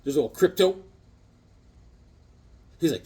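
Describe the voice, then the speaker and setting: Husky, lively man rambling about comics. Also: mid-range voice, moderate pace, long pauses. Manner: rambling storyteller with many fillers and restarts. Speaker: comic book collector. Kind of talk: casual show-and-tell vlog.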